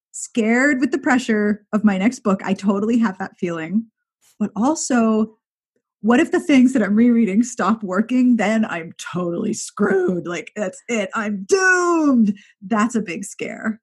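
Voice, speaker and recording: Husky woman podcast host, wry, exclaims a lot, laughs easy. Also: a little high, animated, unhurried, darkish tone. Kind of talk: casual chat.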